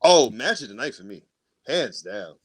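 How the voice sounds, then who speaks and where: Animated, profane male podcast co-host. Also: mid-range voice, normal speed. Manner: animated, swears freely, laughs often. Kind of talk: casual chat.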